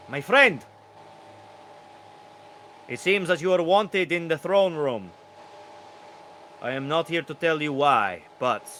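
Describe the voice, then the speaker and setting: A man's voice: fairly high pitch, pushed and bright, slight background noise, voice pushed up, heavily acted. A man voicing a polite, formal male rooster courtier in royal garb.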